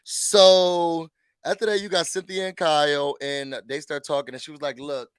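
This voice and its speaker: A man giving a chatty, animated recap of a reality show, acting out what people said. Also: on the high side, moderate pace, clean tone, dry recording. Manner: chatty, animated, acts out quotes.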